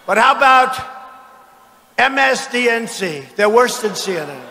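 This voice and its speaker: Older man shouting mockingly in an arena. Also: very high-pitched, animated, unhurried, creaky, noisy background. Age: 70s. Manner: boastful, mocking, bursts into shouting. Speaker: politician speaking at a rally. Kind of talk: political rally speech. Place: large arena with crowd. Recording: arena with long reverb.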